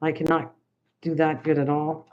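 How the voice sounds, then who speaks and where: A woman's voice: sits low, completely flat delivery, normal speed. An older woman from the United States chatting rambly with viewers while she makes cards on a livestream. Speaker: craft livestreamer. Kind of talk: casual livestream chat while crafting. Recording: slightly dull lo-fi stream audio.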